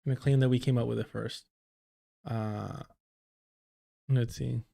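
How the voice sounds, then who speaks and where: A man's voice: medium pitch, fairly even intonation, a little slow, gravelly, mellow. A man reacting to clips on a live stream in a sarcastic, profane, ranting way, from an indoor room. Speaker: political streamer.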